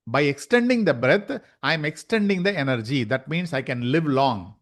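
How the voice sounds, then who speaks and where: A man's voice: a little high, fairly bright tone. A man, teaching yoga in an online lecture and asking rhetorical questions as he explains.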